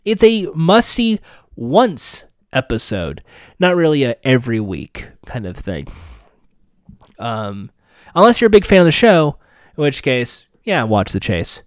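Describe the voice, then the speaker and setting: A man's voice: mid-range voice, sing-song, a little slow, dry recording. A man hosting a podcast in casual chat, candid and sarcastic, swearing freely. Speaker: podcast host.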